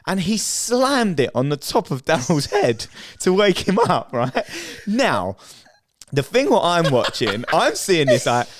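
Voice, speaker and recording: A man's voice: a little high, a little slow. A man with a British accent, co-hosting a podcast and telling a funny story in casual chat, acting out what people said. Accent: British English. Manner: animated storyteller, acts out quotes loudly and laughs. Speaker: podcast co-host.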